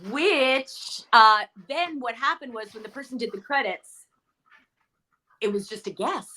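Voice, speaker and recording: A middle-aged actress guest telling stories in a chatty interview, often correcting herself mid-sentence. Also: female voice, fairly high pitch, unhurried, bright, forceful tone, slight background noise. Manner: chatty, storytelling, self-correcting. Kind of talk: casual interview chat.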